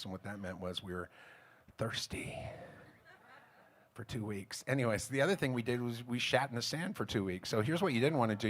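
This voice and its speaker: A singer-songwriter telling crude, rambling comic stories between songs at a small live music venue. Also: male voice, on the low side. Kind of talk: live concert singing and comic stage banter. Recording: live concert mix with guitar.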